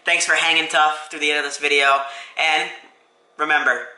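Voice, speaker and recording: A man's voice: on the high side, level tone, moderate pace, sharp tone, reverberant, rough recording. A man reviewing a sandwich in a casual food vlog at a restaurant, chatty and enthusiastic with lots of fillers, filmed on a phone camera. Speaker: food vlogger. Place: restaurant, indoors. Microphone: phone camera, no tripod.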